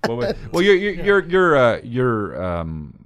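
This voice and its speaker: A podcast co-host with a mid-pitched, very lively voice. He jokes and teases the others in loose, casual banter. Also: unhurried, clean tone. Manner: joking, teasing, says bro a lot. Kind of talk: casual chat.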